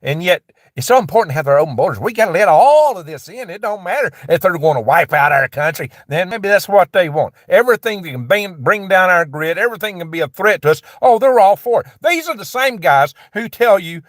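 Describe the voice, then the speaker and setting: A man's voice: high-pitched, lively intonation, a little fast, no room sound, studio quality. A man hosting a live stream and ranting heatedly, mocking others in put-on voices. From American West. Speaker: channel host.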